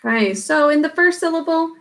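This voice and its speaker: A woman's voice: high-pitched, lively intonation, fairly quick. A woman teacher giving a recorded spelling lesson, patiently sounding out words letter by letter and syllable by syllable.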